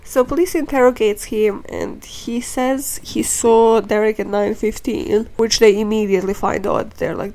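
A woman's voice: fairly high pitch, steady tone, moderate pace, hardly any pauses, darkish tone, low-quality recording. A woman hosting a true crime podcast, telling the case in a casual, chatty and irreverent way, swearing and filling her talk with "like".

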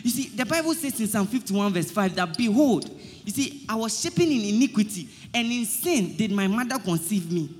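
A man's voice: high voice, animated, moderate pace, in a large hall, soft background music. A man, preaching to his friends in a comedy skit, pleading, stammering over his words and quoting scripture. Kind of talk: comic street-style preaching.

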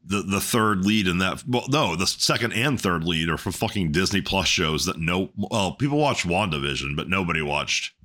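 A man on a casual podcast, talking in a bright, forward voice that swings widely in pitch. He is crude and sarcastic and rambles through his thoughts with frequent restarts. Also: lively intonation, normal speed, few pauses. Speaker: podcast co-host.

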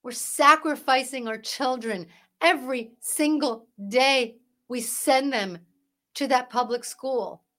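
A woman's voice: high-pitched, takes it slowly, bright, forceful tone. A woman hosting a Christian podcast, giving impassioned commentary with emphatic, preachy delivery and a string of rhetorical questions. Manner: parent. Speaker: podcast host.

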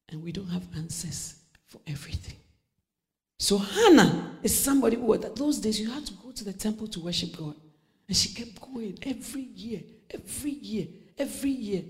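A middle-aged woman preaching a sermon, telling stories with laughter, acting out voices and dropping to near-whispers. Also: lowish voice.

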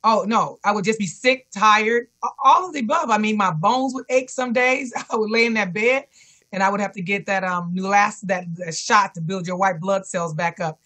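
A woman speaks earnestly over a remote call, with a bright, forceful voice. She tells her story as an interview guest and keeps repeating encouraging words to herself. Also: medium pitch, moderate pace. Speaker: guest, cancer survivor and fitness instructor. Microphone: remote call connection.

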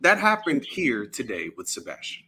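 A caller giving measured, sardonic commentary on a live stream. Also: male voice, medium pitch, wildly swooping pitch, bright, forceful tone, slightly rough. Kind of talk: casual call-in commentary.

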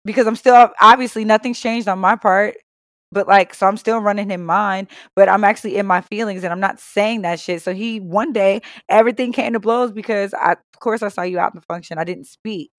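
A woman's voice: medium pitch, brisk, no echo, clean studio sound. A young woman co-hosting a podcast, telling a story in casual chat with lots of swearing, acted-out quotes and laughter. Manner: animated, profane, laughing storyteller who acts out quotes. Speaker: podcast co-host.

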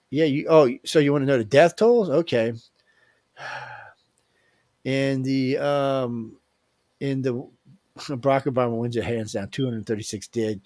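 Blunt talk-show host, male, animated, recorded close with no room sound. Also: mid-range voice, no room sound. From Southern US. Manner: animated, blunt, swings loud and soft. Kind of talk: casual talk show chat.

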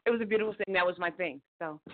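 A woman's voice: lowish voice, racing. A woman calling in to a radio show, a former co-host, chatty and outspoken with frequent laughs. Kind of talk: casual call-in radio chat. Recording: tinny phone line.

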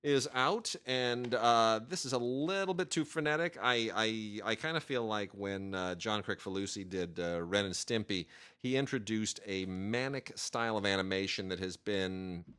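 A man reviewing new home video releases in a casual, rambling chat, with many filler pauses. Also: on the low side, a bit bright, smooth.

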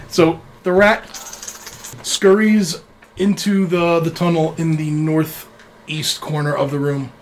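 Game master, casual narration, middle pitch, faint noise. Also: flat delivery, takes it slowly, long pauses. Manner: casual, loose narration with swearing.

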